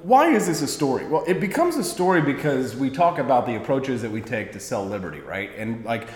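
Man, talk show host, rambling and jokey, lively pitch, roomy echo. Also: brisk. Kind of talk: casual political talk show chat.

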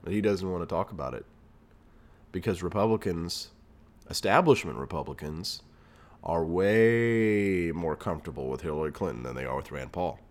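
A man's voice: low voice, moderate pace. A man hosting a political podcast, ranting in a fired-up way and reading news aloud with his own asides. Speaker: podcast host. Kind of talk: political commentary monologue.

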